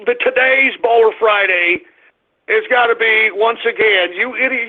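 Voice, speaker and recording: A man's voice: high voice, moderate pace, roomy sound. A male radio show host ranting in exasperation, stammering and restarting as he complains to his listeners. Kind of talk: call-in radio show rant. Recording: phone-like narrow radio audio.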